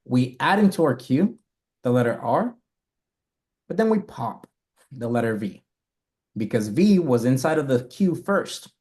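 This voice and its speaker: A man's voice: medium pitch, sing-song, a little slow, long pauses, darkish tone. A man teaching a live coding lesson, talking through his code step by step and correcting himself as he goes. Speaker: coding instructor.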